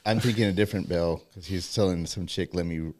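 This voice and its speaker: A man's voice: sits low, steady tone, fairly quick, darkish tone. A male podcast host in casual chat, cracking crude jokes. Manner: crude joking banter.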